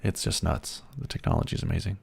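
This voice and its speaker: Very gravelly, low-voiced man hosting a livestream. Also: wildly swooping pitch, fast talker. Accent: slight American. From Germany. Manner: chatty, reads out and answers viewer comments, laughs easily. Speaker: livestream host. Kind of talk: casual livestream chat.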